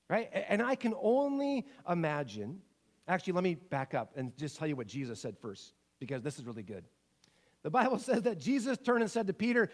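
A male pastor preaching a sermon, animated and full of rhetorical questions, swinging from loud emphasis to hushed passages. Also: on the high side, a little fast.

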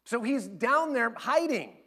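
High, bright-voiced man preaching a sermon. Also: unhurried. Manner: animated storytelling, acts out quoted voices. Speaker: pastor.

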